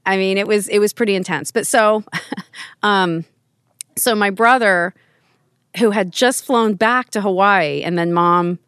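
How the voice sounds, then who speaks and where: A woman's voice: mid-range voice, measured pace, a bit bright, clean tone, no room sound, rough recording. A middle-aged woman, a podcast guest, telling personal family stories in a casual, emotional way, with frequent restarts. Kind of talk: casual conversational storytelling.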